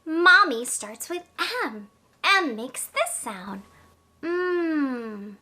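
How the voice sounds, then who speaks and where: A woman's voice: high voice, lively intonation, drawn-out words, sharp tone. A woman teaching toddlers with an exaggerated, encouraging sing-song delivery. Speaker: children's educator. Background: music.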